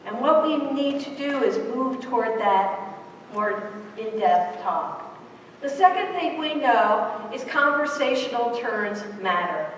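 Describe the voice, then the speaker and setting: A woman's voice: a little high, lively intonation, slow, a little hiss or hum. A middle-aged woman from New York giving a conference keynote speech, engaging the audience with rhetorical questions. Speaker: keynote speaker. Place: large conference hall. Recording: echoey hall recorded from far off.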